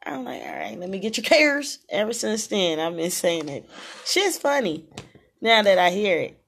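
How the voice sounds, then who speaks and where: A young woman from Louisiana, co-hosting a casual chat in a blunt, loud, laughing way. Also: mid-range voice, very animated, moderate pace, vocal fry. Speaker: podcast co-host.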